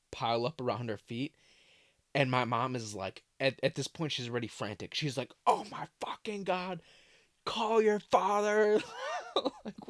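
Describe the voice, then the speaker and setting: A vlogger in his twenties recounts a childhood story from his parents' basement, his mid-range voice captured with studio quality and no echo. The delivery is loose and casual, heavy on fillers, especially "like."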